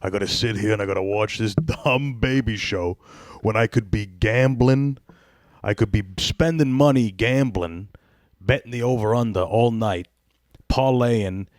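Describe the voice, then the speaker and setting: A man's voice: fairly low pitch, dry recording, studio quality, lightly acted. A man voicing a brash, foul-mouthed blue-collar dad who rants with no filter, in an Italian-American accent. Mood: grumbling. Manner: loud, ranting, no filter.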